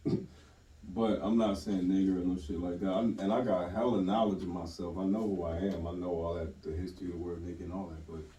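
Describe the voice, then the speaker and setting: A man talking in a casual group chat, blunt and animated, laughing often, using heavy slang. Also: low voice, quick pace, distant mic. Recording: roomy sound from off-mic.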